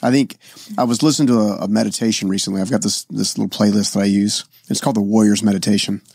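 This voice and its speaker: A man's voice: lowish voice, fairly even intonation, fast talker, vocal fry, darkish tone, breathy edge, no echo, studio quality. Affirming man hosting an interview. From American South. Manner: affirming, conversational, with frequent short agreements. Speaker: podcast host. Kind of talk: casual interview conversation.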